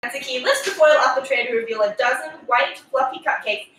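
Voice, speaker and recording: A woman's voice: high-pitched, quick pace, a bit bright, a little hiss or hum. A woman streamer reading game narration aloud with giggly, sarcastic asides, recorded far from the mic in an echoey room.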